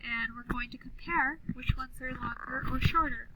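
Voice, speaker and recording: A woman teaching first graders a recorded phonics lesson from a classroom, sounding out words slowly, clearly and patiently. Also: high voice, noisy background.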